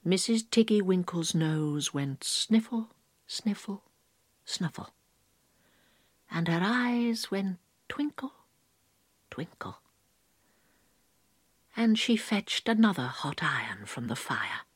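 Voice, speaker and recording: A woman reading a storybook aloud slowly in a soft, hushed, often half-whispered voice. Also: fairly low pitch, big pitch swings, breathy edge, dry recording.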